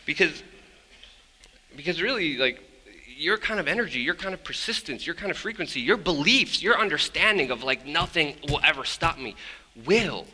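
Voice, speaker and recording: A man telling stories on a stage, his voice very bright and cutting. He speaks bluntly and with energy, swears without hesitation, and sounds like a journalist holding the crowd's attention. The long reverb of a large hall follows his words. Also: on the high side, moderate pace, slightly rough. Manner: lively, blunt, swears casually. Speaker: journalist giving a conference talk. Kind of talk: energetic storytelling speech.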